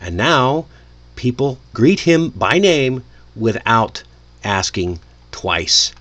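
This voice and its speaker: A man teaching English in a lively, friendly way, often chuckling to himself. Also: medium pitch, slow pace. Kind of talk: casual lesson delivery.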